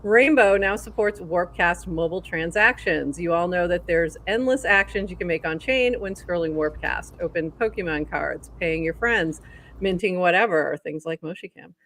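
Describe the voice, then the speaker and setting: A woman co-hosting a casual livestream, upbeat and quick to laugh as she runs through the news. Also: on the low side, a bit bright. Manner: upbeat, laughs often, reads news items. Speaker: co-host.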